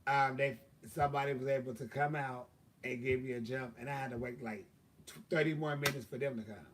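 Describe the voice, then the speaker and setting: A man's voice: medium pitch, fairly even intonation, brisk, fairly bright tone, far from the mic, slight background noise. A man telling a long story on his own live stream, casual and profane, with lots of fillers. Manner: profane, drawling, chatty with many fillers. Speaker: livestream host.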